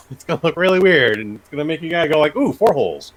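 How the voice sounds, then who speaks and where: A man voicing a pushy 1940s-style gangster pitching a TV idea, selling it hard with tag questions. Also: very animated, fast. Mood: scheming.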